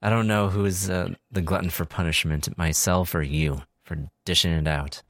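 A man co-hosting a podcast in casual chat, an animated storyteller who acts out his friends' lines. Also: low voice, normal speed, no room sound, clean studio sound. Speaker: podcast co-host.

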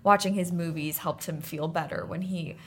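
Young female actress, halting, unsure interview answers. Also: on the low side, steady tone, fairly bright tone, husky. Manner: hesitant, trailing off. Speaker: actress guest. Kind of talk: casual interview.

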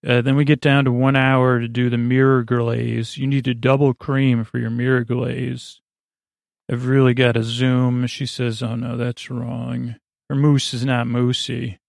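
A man's voice: mid-range voice, flat delivery, unhurried, creaky, no echo, studio quality. A man hosting a sleep podcast, recapping a TV episode in a meandering way with many filler words and self-corrections. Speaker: podcast host.

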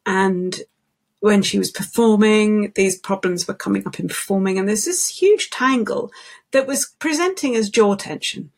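A woman talks as an interview guest about her work with singers. Her voice has a gravelly, creaky texture and a medium pitch. She speaks thoughtfully and unhurriedly, restarting sentences as she tells her stories. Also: moderate pace. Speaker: guest, singing voice specialist. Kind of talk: conversational interview.

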